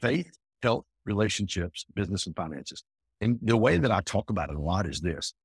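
A man talking as an entrepreneur guest in a casual interview, emphatic and energetic, often repeating himself. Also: deep voice, fairly quick, breathy edge, no echo, clean studio sound.

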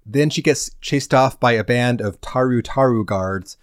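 A man's voice: mid-range voice, a little slow, no room sound. Dry-voiced man telling a story. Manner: dry, wry storytelling with comic emphasis. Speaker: podcast co-host. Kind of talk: casual chat recapping a game.

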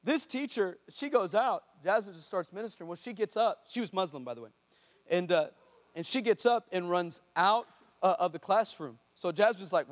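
A man, a pastor telling a story in a sermon, animated and acting out the people in it. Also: high voice, normal speed. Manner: animated, acts out shouts and voices of people in his story. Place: church hall before a congregation.

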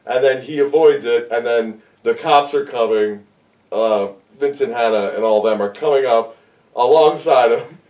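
Animated man acting out film scenes. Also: mid-range voice, moderate pace, recorded from a distance. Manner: animated, acts out scenes with yelps and shouts. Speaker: podcast co-host discussing a movie. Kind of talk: casual chat.

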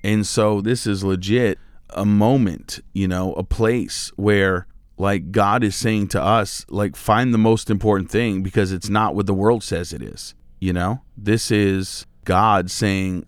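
A man's voice: lowish voice, steady tone, a little slow, no echo, clean studio sound. A male pastor giving a devotional sermon in a casual, conversational way, with lots of filler words.

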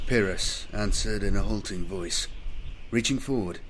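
Man, audiobook narrator, low voice, measured, dramatic delivery. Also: a bit bright, slight background noise.

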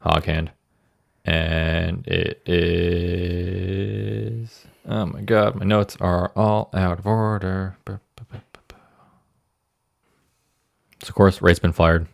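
Low-voiced man telling a story casually. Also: level tone, slow, creaky, no echo, studio quality. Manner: rambling, self-deprecating, stumbles over words. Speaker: podcast co-host. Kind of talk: casual true-crime storytelling. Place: Indiana.

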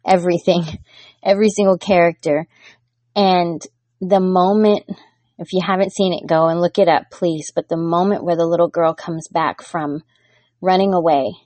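A woman, a mother, giving a gentle, heartfelt devotional talk as host, growing fervent at times. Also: fairly low pitch, no echo. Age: adult with daughters.

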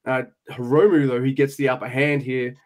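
A man co-hosting a podcast, recapping wrestling in casual chat with quick play-by-play bursts and swearing when surprised. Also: mid-range voice, flat delivery, darkish tone. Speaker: podcast co-host.

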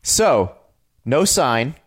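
A man in his forties chats on a podcast at a middle pitch. He tells food and travel stories with eager, animated energy. His delivery stays loose and conversational. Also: drawn-out words, breathy edge. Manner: enthusiastic storyteller, animated. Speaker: podcast co-host. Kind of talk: casual chat about food and travel.

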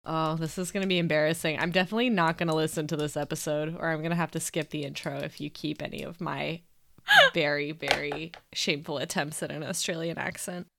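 A woman's voice: low voice, fairly even intonation, brisk, creaky, bright, forceful tone, slight background noise. A woman co-hosting a podcast in casual chat, self-deprecating and giggly. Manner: self-deprecating, giggly, tries silly accents. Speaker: podcast co-host.

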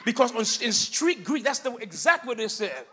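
In a church sanctuary, a male pastor preaches an animated sermon in a high, lively voice at a fairly quick pace. He swings between loud, shouted emphasis and soft, quiet teaching asides, and the hall gives long, ringing reverb.

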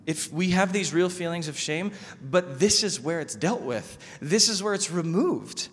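Man, pastor, lively conversational sermon, slightly high voice, long church reverb. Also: unhurried, slight background noise. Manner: conversational, animated preaching with repetitions.

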